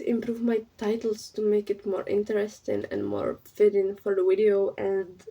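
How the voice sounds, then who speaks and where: Young female vlogger, soft breathy tone, earnest and halting, slightly off-mic. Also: mid-range voice, recorded from a distance, rough recording. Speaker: YouTuber. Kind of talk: personal to-camera vlog.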